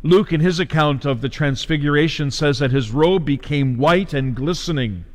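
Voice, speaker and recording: A man preaching a sermon, emphatic and deliberate, posing questions to his listeners. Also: on the high side, long reverb tail.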